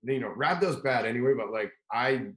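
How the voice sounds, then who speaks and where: A man's voice: mid-range voice, lively intonation, fairly quick, echoey room, rough recording. A man telling a long story in casual chat, rambling and profane, with lots of "like" and restarts. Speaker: podcast guest telling a story.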